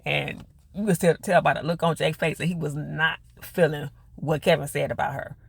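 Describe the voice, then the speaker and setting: A man's voice: on the high side, fairly even intonation, normal speed, gravelly, husky, no room sound. A man recapping a TV episode in a chatty, slangy way, full of fillers. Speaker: TV reviewer.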